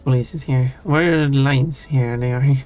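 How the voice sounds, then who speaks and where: A man talks casually with his viewers during a gaming stream, rambling and amused at himself. His voice sits at an ordinary pitch for a man. Soft music plays faintly behind him. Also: fairly even intonation, normal speed. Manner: chatty, self-amused, restarts and trails off. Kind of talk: casual chat while gaming.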